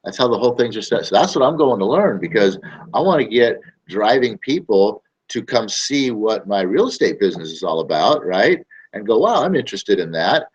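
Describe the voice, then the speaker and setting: A man's voice: on the low side, animated, moderate pace, slightly rough, highs cut off. A man hosting a casual talk to camera, rambling and emphatic, often repeating his phrases. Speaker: show host.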